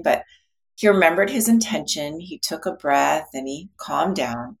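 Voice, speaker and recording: A woman's voice: sits low, moderate pace, vocal fry. A woman psychologist as an interview guest, speaking reflectively and telling a story. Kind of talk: interview conversation.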